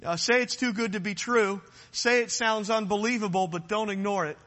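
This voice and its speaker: A man preaches with a very high, bright voice that rings through a reverberant hall. He is earnest and emphatic, driving his points home by repeating phrases. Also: moderate pace. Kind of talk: sermon.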